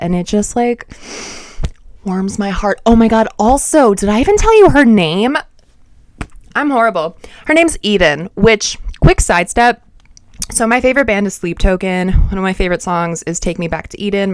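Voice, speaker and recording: A woman's voice: mid-range voice, no echo. Chatty woman rambling about a book. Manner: rambling, many "like" fillers; chatty, talks straight to viewers. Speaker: book channel host. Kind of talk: casual book review chat.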